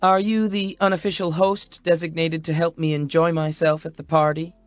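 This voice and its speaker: A man voicing a standoffish, sarcastic young woman who speaks in a dry, caustic, almost monotone way. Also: fairly high pitch, normal speed, no room sound, faint music behind, pitched above the performer's own voice, close to an everyday voice. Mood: deadpan sarcastic. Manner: caustic near-monotone deadpan.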